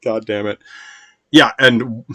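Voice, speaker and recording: A man talks in a loose, rambling monologue, cursing freely and tripping over his own restarts. His voice sits at an ordinary middle pitch. The sound is close and dry, with no room echo. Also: fairly even intonation, takes it slowly, bright, forceful tone. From United States. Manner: rambling, profane, sprinkled with "yeah" and restarts. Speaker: podcast host.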